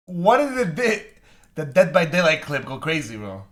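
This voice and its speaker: A man streaming casual reaction commentary on short clips, excitable, swearing and laughing often. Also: fairly high pitch, a little slow, reverberant.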